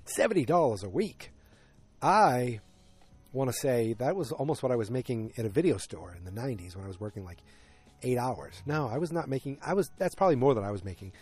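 A man's voice: medium pitch, animated, quick pace, a little mellow, husky. A man in his forties casually recapping a TV episode, with lots of fillers and opinionated asides.

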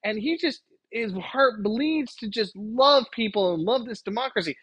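A podcast host lecturing listeners in an emphatic, exasperated solo rant. The voice has a husky edge at a mid pitch. The recording is dry and close, with no room sound. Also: lively intonation, normal speed, fairly bright tone, dry recording, poor audio.

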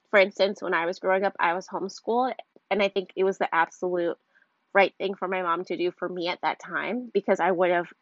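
A woman's voice: fairly low pitch, dry recording, highs cut off. A young woman talking casually to camera as a mom vlogger, rambling with lots of fillers and a stuffy nose.

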